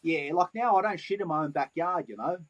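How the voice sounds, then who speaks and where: A middle-aged man with a Sydney accent tells animated street anecdotes, swearing freely. His voice sits high for a man and has a husky edge. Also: fairly quick, dull audio. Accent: Australian, Sydney. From Australia. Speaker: guest, graffiti artist. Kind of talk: casual storytelling interview.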